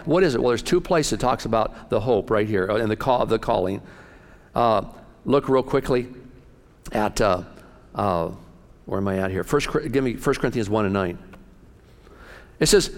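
A middle-aged man preaching a sermon as pastor, folksy and excitable, often jumping up in pitch and loudness. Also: normal speed, pauses often, in a large hall.

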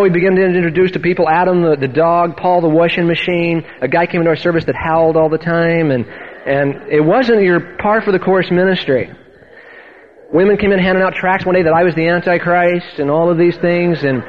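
A pastor telling a testimony from the pulpit, acting out the people in his story with lively storytelling. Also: high-pitched, muffled recording, a little hiss or hum. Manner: animated storytelling, acting out quoted voices. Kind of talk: sermon testimony.

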